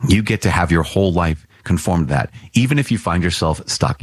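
Low husky priest guy talking a homily, earnest but chatty, super dry close mic. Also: animated, a little fast, few pauses, no room sound. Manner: earnest, conversational preaching with asides. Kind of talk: podcast homily.

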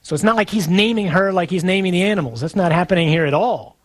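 A man preaching a sermon in a conversational, playful way, pausing for emphasis. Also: high voice.

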